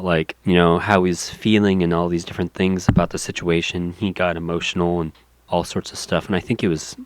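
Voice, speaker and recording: A man's voice: low voice, no room sound. A man hosting a gaming podcast, giving rambling casual commentary with lots of fillers. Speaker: podcast host.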